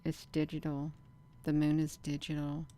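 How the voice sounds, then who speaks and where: A woman with a low-pitched voice talks her viewers through camera footage in a loose, chatty way. She keeps calling out to her audience and leans hard on her points, insisting they look where she points. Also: moderate pace. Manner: animated, repeatedly addresses viewers as "you all"; insistent, emphatic bursts. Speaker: channel host. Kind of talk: casual live commentary over camera footage.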